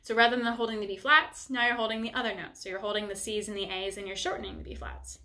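A woman's voice: medium pitch, flat delivery, fast, sharp tone. A young woman teaching a music lesson, upbeat and encouraging, explaining each step plainly. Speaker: bassoon teacher.

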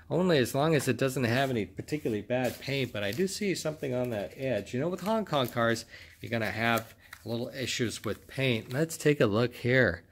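A man's voice: medium pitch, a bit bright, a little hiss or hum. A man hosting his own collecting video, giving casual, enthusiastic commentary while unboxing and inspecting toy cars. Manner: enthusiastic, exclaims over each find.

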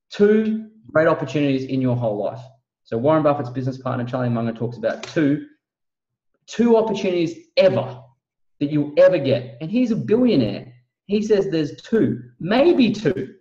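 A man's voice: on the high side, sing-song, moderate pace, warm tone, roomy sound, far from the mic. Emphatic preachy man on a muffled call. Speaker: guest. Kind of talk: motivational sales pitch on a video call.

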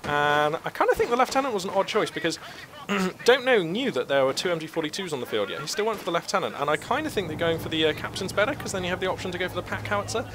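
A man's voice: high voice, animated, quick pace. A young man doing live match commentary, chatty and wry, with plenty of fillers and self-mocking asides. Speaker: game caster. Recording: game battle sounds and gunfire behind. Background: gunfire, vehicles and battle noise from the match.

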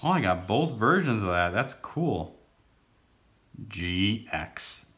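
A man's voice: on the low side, sing-song, slow pace, a bit bright. A man casually narrating as he opens card packs, rambling and goofy, now and then breaking into silly sing-song. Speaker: card-opening vlogger. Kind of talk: casual pack-opening commentary.

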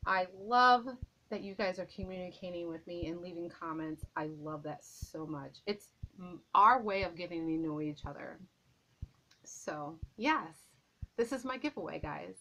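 A woman vlogger chats casually to the camera at home, indoors, gushing, repeating herself and sounding a little out of breath. Her voice is fairly low and bright, with a forceful tone and a moderate pace. The recording is rough, with a slight hiss or hum.

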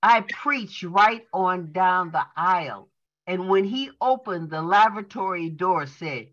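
A woman reading a preacher's transcript aloud at a Bible study, slow and emphatic, stopping to correct herself. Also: lowish voice, animated, a bit bright. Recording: dull lo-fi sound.

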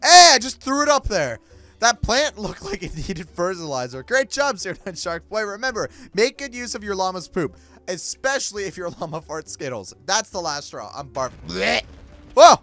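A young man doing excitable, exaggerated game role-play commentary as a gaming video host. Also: sits high, moderate pace, faint music behind. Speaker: gaming YouTuber.

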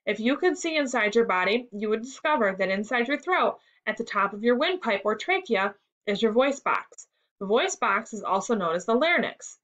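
A man's voice: sits high, a bit bright, highs cut off. Woman doing old man, precise, explanatory, storybook. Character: elderly man, lecturing chess friend.

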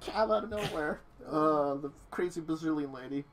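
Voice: mid-range voice, moderate pace, a little hiss or hum, rough recording. A game master casually narrating a tabletop role-playing game, rambling with many fillers. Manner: casual, rambling, laughing often.

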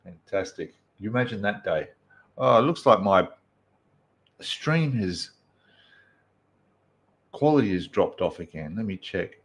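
A man's voice: on the low side, lively intonation, a little slow, pauses often. A man with an Australian accent hosting a casual live stream, chatting and greeting viewers one by one.

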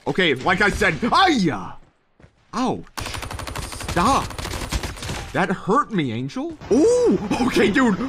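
A man giving excitable, jokey live commentary on a shooter game, with sudden yelps. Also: sits high, slow, long pauses, noisy background. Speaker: gaming streamer. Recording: game gunfire loud behind voice. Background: gunshots and game sound effects.

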